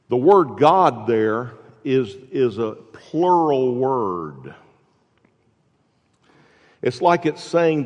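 A man pastor delivering a sermon, asking the congregation questions and dropping from loud emphasis to hushed tones. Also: mid-range voice, highs cut off. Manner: preaching with rhetorical questions, swings from loud to hushed. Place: church sanctuary. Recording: long reverb in a large hall.

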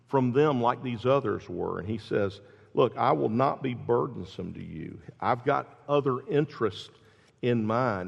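Gravelly preacher man in a reverberant hall. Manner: emphatic, rising in pitch and volume at key points. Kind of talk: sermon. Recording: dull sound with long reverb in a hall.

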